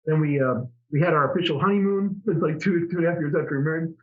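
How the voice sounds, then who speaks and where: A man's voice: a little high, fast talker, narrow, tinny audio, slight background noise. A middle-aged man, a former fighter pilot, telling stories in a casual interview, rambling with many restarts.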